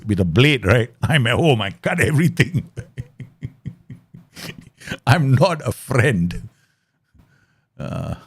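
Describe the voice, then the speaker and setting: Animated man streaming. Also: lowish voice, no room sound. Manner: animated, laughs often, mimics voices in stories. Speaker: game streamer. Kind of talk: live football manager gameplay commentary with chat.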